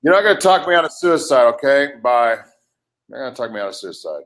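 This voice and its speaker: A man's voice: medium pitch, big pitch swings, fast, a bit bright. Agitated older man ranting profanely. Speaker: livestream participant. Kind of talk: heated live webcast argument.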